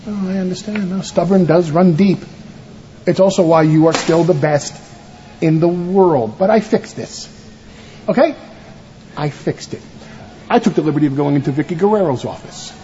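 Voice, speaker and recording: An actor playing a smooth-talking wrestling manager, pleading and fawning in a televised backstage promo, played back from a broadcast. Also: male voice, a little high, moderate pace, pauses often, mellow, dull audio, slight background noise, close to an everyday voice. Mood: scheming.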